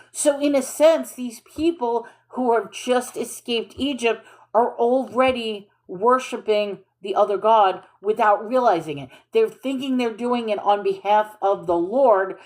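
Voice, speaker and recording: A woman reads scripture aloud and muses over it in a questioning, informal, think-aloud style, a casual blend of Bible reading and commentary. Her voice is fairly high and darkish in tone, and she takes her time.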